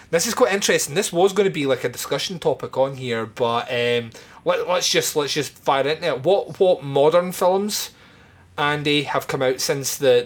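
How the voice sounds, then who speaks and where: Mild-accented Scottish podcast host. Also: male voice, medium pitch. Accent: soft Scottish. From Scotland. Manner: measured, hesitant, frequent restarts. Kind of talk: casual podcast chat.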